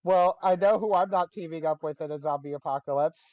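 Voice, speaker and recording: A man's voice: fairly high pitch, brisk, no room sound. A man with a slightly raised voice rambles cheerfully through random trivia and corny jokes while gaming with friends. His words come through a dull, dry, close mic. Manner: chatty, rambling trivia talk with restarts and jokes. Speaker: gamer on a livestream. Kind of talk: casual gaming chat.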